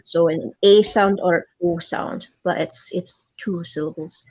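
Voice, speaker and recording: A woman's voice: fairly low pitch, steady tone, a little slow, hardly any pauses, darkish tone, breathy edge. A woman, a guest in casual chat, explaining at length and dropping in "aye". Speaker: podcast guest. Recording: dull lo-fi remote audio.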